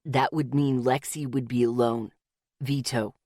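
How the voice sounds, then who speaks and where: A woman voicing a gruff, protective young man who gives curt commands, lowering her voice for him. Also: steady tone, measured pace, mellow, no room sound, studio quality, full character voice. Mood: firm.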